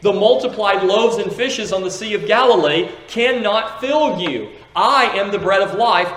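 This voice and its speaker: A pastor reading scripture and preaching an emphatic sermon, occasionally correcting himself. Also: male voice, high voice, a bit bright, echoey room, poor audio. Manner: emphatic preaching with slips and restarts.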